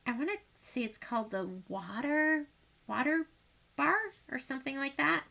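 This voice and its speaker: A woman's voice: sits high, animated, normal speed, gravelly, pushed and bright, a little hiss or hum. A woman hosting a sewing livestream, chatting casually and rambling while she demonstrates. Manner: chatty, rambling, self-deprecating. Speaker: sewing shop livestream host.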